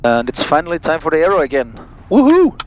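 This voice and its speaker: A man, a pilot and vlog host, reading out cockpit checklists crisply and adding friendly asides to viewers from a small aircraft cockpit. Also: a little high, fast, lo-fi sound, a little hiss or hum.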